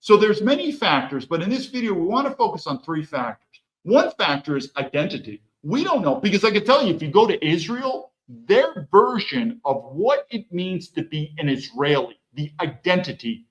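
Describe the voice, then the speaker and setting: A man's voice: high voice, big pitch swings, normal speed, few pauses, a bit bright, low-quality recording. A middle-aged man and military veteran giving an opinionated political monologue, emphatic, with rhetorical questions and repeated words. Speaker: political commentator.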